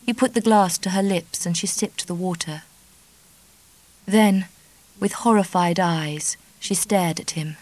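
A woman narrating a novel as an audiobook, reading in a measured, even way. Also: lowish voice, no room sound, poor audio. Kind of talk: scripted narration.

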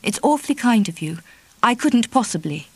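Storybook figure: reserved young woman, put on by a female narrator, quiet, hushed refusals. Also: a little high, very animated, moderate pace, husky, heavily acted. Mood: guarded.

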